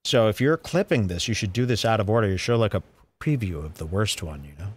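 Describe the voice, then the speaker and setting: A man's voice: lowish voice, expressive, fast, slightly rough. A man hosting a podcast, giving sarcastic, mocking commentary on comedy clips. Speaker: podcast host reviewing clips. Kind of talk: casual commentary.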